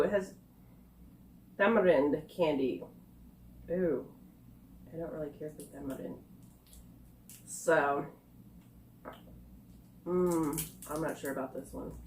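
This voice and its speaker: A woman reviewing snacks in a casual taste-test vlog, chatting and thinking aloud with quiet asides. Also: fairly low pitch, a little hiss or hum. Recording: echoey room.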